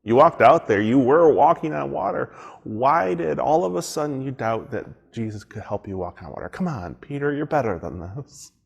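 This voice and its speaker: A man's voice: mid-range voice, expressive, normal speed, vocal fry, slightly rough, pitched above the performer's own voice. A man putting on the voice of an exasperated man scolding a friend in a pleading, chiding way.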